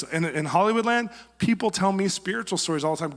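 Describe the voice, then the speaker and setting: Fairly high-pitched and brisk, a man serving as guest preacher delivers a story-filled, conversational sermon, animatedly acting out quotes. The church sanctuary lends the recording a long, hall-like reverb.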